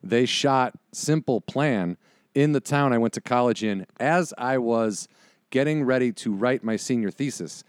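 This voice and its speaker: A man's voice: medium pitch, measured pace, smooth, no room sound. Man, forties, podcast host, storyteller, acts out quotes, dry close sound. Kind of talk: casual chat.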